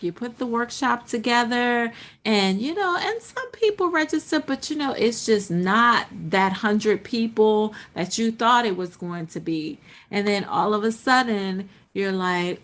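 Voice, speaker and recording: A woman's voice: mid-range voice, a little slow. A woman hosting a motivational business podcast, telling stories and acting out little inner voices as she goes. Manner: animated storytelling, acts out inner voices. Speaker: podcast host.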